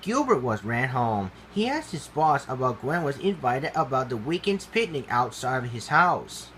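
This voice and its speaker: A man reading his own animal storybook aloud, halting and ungrammatical. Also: mid-range voice, sing-song, fairly bright tone, slight background noise, low-quality recording.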